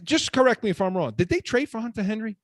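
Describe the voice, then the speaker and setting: A man's voice: high-pitched, expressive, quick pace, dry recording. A man hosting sports talk radio, ranting with heat and repeating words as he gets worked up.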